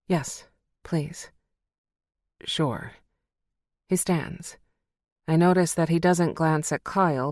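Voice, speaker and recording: A woman with a low voice narrates a romance audiobook in the first person. Her telling is expressive and heartfelt. The studio sound is dry and close. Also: dry recording.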